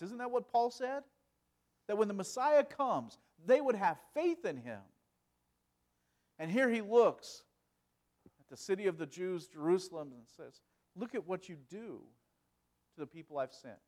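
A man preaching a sermon, asking rhetorical questions and moving between loud emphasis and quiet, hushed lines. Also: high-pitched, animated, normal speed.

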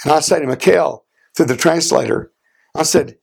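A man preaching a sermon, earnest, asking rhetorical questions and slowing down for emphasis. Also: a little high, vocal fry, husky. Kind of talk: sermon with a personal story.

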